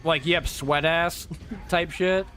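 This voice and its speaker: In a slow, steady, slightly bright and higher-pitched voice, a man chats to himself while playing a game, swearing loosely and wandering through stories with frequent restarts. A little hiss or hum sits in the background.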